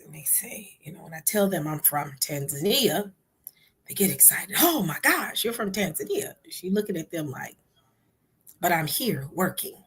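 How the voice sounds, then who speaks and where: A woman's voice: sits low, a bit bright, slight background noise. A woman hosting a live stream, chatting casually and retelling a conversation to her listeners. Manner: chatty, addresses listeners as "y'all". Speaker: host.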